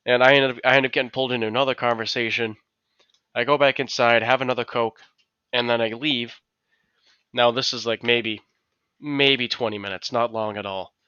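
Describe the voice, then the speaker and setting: A man's voice: mid-range voice, brisk, smooth, no room sound, dull audio. A man on a podcast, telling a story casually and acting out what his coworkers said. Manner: animated, acts out quotes of coworkers. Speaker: podcast co-host.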